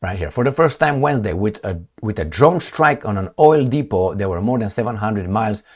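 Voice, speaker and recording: A man giving opinionated news commentary in an animated, sarcastic way. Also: on the low side, brisk. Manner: animated, sarcastic, acts out imagined dialogues. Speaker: political commentator.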